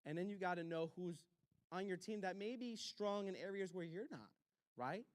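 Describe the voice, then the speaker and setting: A pastor leads a church leadership class, a man with a fairly high voice who drives his points home with short, punchy commands. He slips into quick back-and-forth lines to act out conversations. The sound is dry and close. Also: dry recording.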